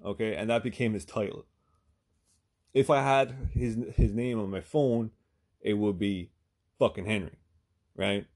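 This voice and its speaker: A man with a fairly low voice tells a story on his podcast in a loose, rambling way. He swears freely and leans on fillers as he goes. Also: a little slow, pauses often, darkish tone. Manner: rambling, profane, lots of fillers. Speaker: podcast host. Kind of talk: casual comedic storytelling.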